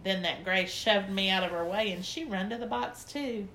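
Bright-voiced woman narrating as a little girl. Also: medium pitch, normal speed. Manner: childlike and chatty. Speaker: audiobook narrator. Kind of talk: first-person children's story narration as a little girl.

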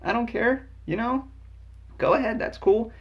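A man voicing a careless aging male movie star in a high mocking put-on voice. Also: unhurried, vocal fry, exaggerated voice. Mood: dismissive. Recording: dull lo-fi sound.

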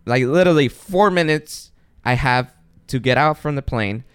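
Male podcast host, animated storyteller who swears a lot; mid-pitched, smooth resonant voice, dry close sound. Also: moderate pace, no room sound. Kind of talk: casual chat.

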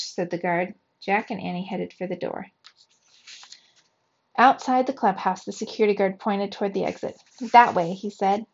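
Gravelly woman reading a children's book. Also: mid-range voice, highs cut off. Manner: lively, expressive reading. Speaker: reader for children.

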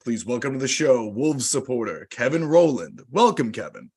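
A man's voice: mid-range voice, very animated, normal speed, a little mellow, breathy edge. An American man hosting a podcast, chatting casually and enthusiastically with a guest, now and then swearing. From United States. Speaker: podcast host.

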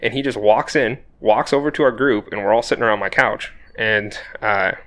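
A young man co-hosting a podcast, telling a story in casual chat, animated and swearing freely. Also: on the low side, fairly quick. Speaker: podcast co-host.

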